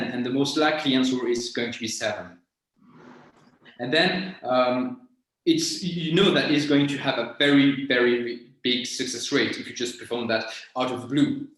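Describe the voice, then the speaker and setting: A man, a guest mentalist in an interview, speaking in a halting way as he searches for words. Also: mid-range voice, fairly bright tone. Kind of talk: conversational interview. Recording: very echoey room.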